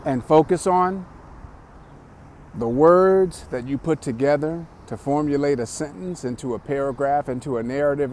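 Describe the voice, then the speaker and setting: A man's voice: mid-range voice, a little mellow. A man giving a motivational talk, speaking emphatically and repeating his key phrases.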